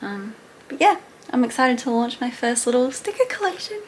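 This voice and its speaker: A woman's voice: fairly high pitch, big pitch swings, normal speed, a little mellow, a little hiss or hum. A woman talking casually to camera at home in a rambling, chatty small-business vlog. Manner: chatty and rambling, loses her train of thought.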